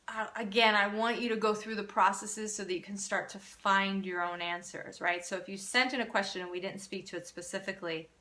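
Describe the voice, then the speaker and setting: Hosting a laid-back live Q&A, the parenting coach speaks in a mid-range voice that sounds pushed and bright. Her manner is earnest and encouraging, with lots of restarted sentences.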